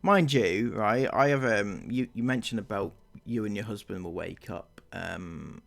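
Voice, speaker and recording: Sarcastic man with a gravelly voice. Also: on the low side, a little slow, a bit bright. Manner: mocking, sarcastic, full of fillers. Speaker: commentary channel host. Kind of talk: reaction commentary.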